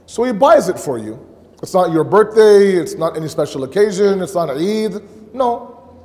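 A man's voice: sits high, big pitch swings, normal speed, darkish tone. A man giving a sermon at a mosque, telling a story and acting out the dialogue, with rhetorical questions for the congregation. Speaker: preacher. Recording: long hall reverb.

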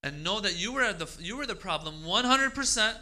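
A man's voice: high voice, animated, a little fast, bright, forceful tone. A man giving a religious lecture, speaking emphatically, asking rhetorical questions and quoting Arabic prayers.

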